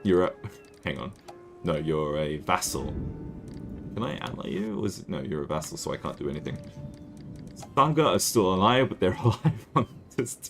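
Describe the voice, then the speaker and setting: With music behind him, this young Northern Territory streamer speaks in a low, expressive voice at a normal speed. He rambles casually through his strategy-game livestream, often laughing and making self-deprecating remarks.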